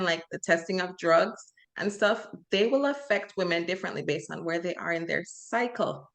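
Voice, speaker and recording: A woman's voice: deep voice, a bit bright. A young adult woman co-hosting a podcast, talking earnestly and with feeling, with many fillers and restarts. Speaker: podcast co-host. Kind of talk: casual chat.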